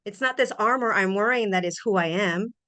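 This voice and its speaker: A middle-aged woman hosting a podcast, sharing personal reflections in an earnest, animated way with frequent restarts. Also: mid-range voice, a little fast. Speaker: podcast host.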